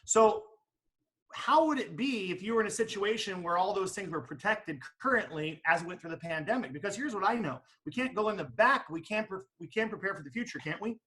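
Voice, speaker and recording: A man in insurance sales talking in a casual panel chat, quick and animated, with many restarts. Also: high voice.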